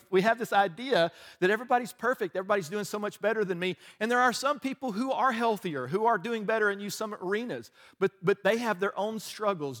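A man's voice: sits high, a bit bright. A man, a pastor preaching a conversational, joking sermon and often asking his listeners "right?".

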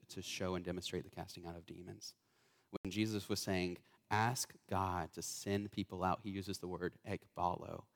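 A man's voice: low-pitched, big-room sound. A young man preaching as a guest speaker in a church, chatty and informal, with many fillers and restarts. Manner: casual, talkative, lots of fillers and self-corrections. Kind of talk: sermon. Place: church hall.

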